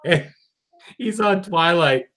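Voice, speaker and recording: A man's voice: high-pitched, takes it slowly. A man chatting casually while reviewing a cartoon episode, acting out lines and swearing freely. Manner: animated, swears, acts out lines.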